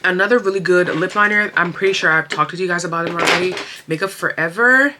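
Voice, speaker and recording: A woman's voice: on the low side, fast, heavy background noise. A young woman chatting expressively through her makeup routine, full of slang and emotion, as a beauty vlogger. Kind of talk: casual chatty makeup tutorial.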